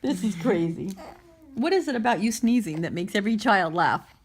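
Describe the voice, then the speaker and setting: A woman's voice: medium pitch, expressive, moderate pace, husky. A mother in a home video, coaxing her baby with playful, laughing baby talk and fake sneezes.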